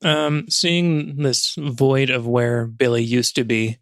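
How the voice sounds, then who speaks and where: Gravelly man playing a tabletop game. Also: mid-range voice, slow pace, dry recording, clean studio sound. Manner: relaxed, tentative. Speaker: player. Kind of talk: casual chat.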